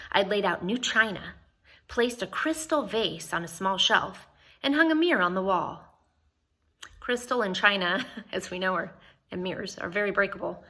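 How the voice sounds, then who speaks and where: Bright-voiced woman reading a novel aloud. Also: mid-range voice. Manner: expressive, pauses to explain to listeners.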